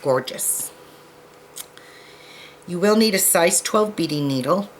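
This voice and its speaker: A woman's voice: lowish voice, animated, slow, slight background noise, low-quality recording. A woman hosting a casual beading tutorial, chatting to viewers and joking at herself while she sorts beads. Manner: chatty, self-deprecating, talks to viewers while working.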